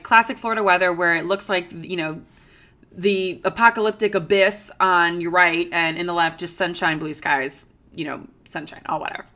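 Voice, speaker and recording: Bright-voiced chatty woman host. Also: medium pitch. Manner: animated, chatty, frequent "like" fillers. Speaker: podcast host. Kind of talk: casual storytelling monologue.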